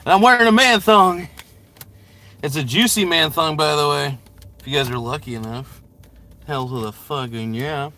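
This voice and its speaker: Driving while vlogging live, this man talks into a camera mounted in his car, rambling, swearing a lot, and joking crudely. His voice is a little high and sharp, at a moderate pace with frequent pauses.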